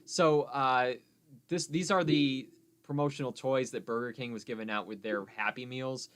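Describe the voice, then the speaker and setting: A man's voice: mid-range voice, steady tone, normal speed, fairly bright tone, smooth. A young man hosting a casual nerd chat podcast, teasing his co-host and steering the topics.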